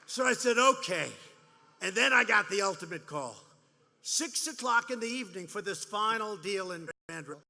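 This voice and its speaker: A man in his seventies, a politician at a large rally venue, gives a rambling, boastful, mocking campaign speech, repeating his phrases. His voice is high-pitched, animated, creaky, pushed and bright, at normal speed, with a big-room sound.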